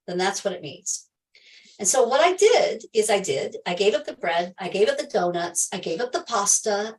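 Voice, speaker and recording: A woman's voice: medium pitch, far from the mic, low-quality recording. A middle-aged woman hosting a health livestream, telling a personal story to viewers in an emphatic way, repeating key phrases and laughing often.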